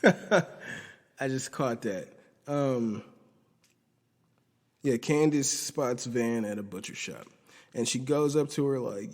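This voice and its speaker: A man's voice: slow pace, pauses often. A man hosting a podcast, recapping a TV episode in a rambling, profane, casual way and quoting the characters as he goes. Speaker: podcast host. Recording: roomy low-quality audio from video.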